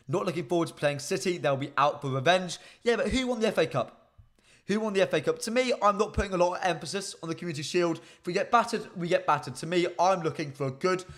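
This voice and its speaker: A man presenting a football live stream, chatting casually, reading viewer comments and repeating key phrases for emphasis. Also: a little high.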